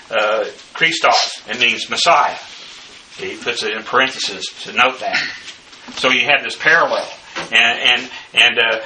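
Bright, halting male bible teacher. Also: mid-range voice. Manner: halting, many filler uhs. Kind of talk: bible study lecture reading numbered notes. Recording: distant mic with faint background noise.

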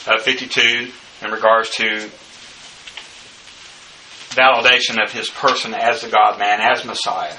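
A man teaching a bible study lecture, working through numbered notes and pausing often on filler sounds. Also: fairly low pitch, steady tone, sharp tone. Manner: halting, many filler uhs. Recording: distant mic with faint background noise.

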